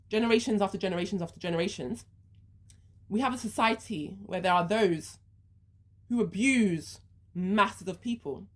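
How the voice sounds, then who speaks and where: A woman's voice: medium pitch, breathy edge. A woman speaking her views in an earnest monologue, walking through a hypothetical first-person story step by step. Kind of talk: reflective monologue.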